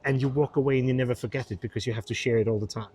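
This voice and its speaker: A man's voice: mid-range voice, fairly even intonation, rapid-fire, mellow. A middle-aged man co-hosting a casual industry discussion, speaking emphatically and often restarting his phrases. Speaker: co-host, hospitality industry expert.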